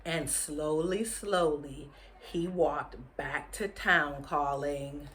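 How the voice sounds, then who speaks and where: A woman teacher reading a picture book aloud to children, gently encouraging them to join in with movements. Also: low-pitched. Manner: slow, gentle, encouraging, leading children in actions.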